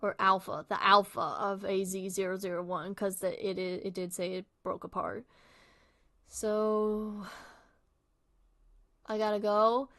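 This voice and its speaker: A woman's voice: medium pitch, flat delivery, unhurried, long pauses, a bit bright. A woman hosting a livestream, giving casual, rambling reaction commentary full of fillers into a close microphone. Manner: chatty and rambling, many fillers. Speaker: livestream host.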